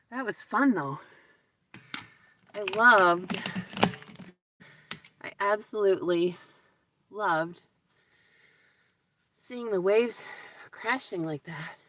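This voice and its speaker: A woman's voice: medium pitch, very slow, long pauses. A woman chats unhurriedly into her phone camera on a windy lakeshore, shivering from the cold as she talks. She gushes with little exclamations between remarks. Heavy wind roars across the phone mic throughout. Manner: chatty, gushing exclamations. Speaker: vlogger. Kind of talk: casual live-stream chat.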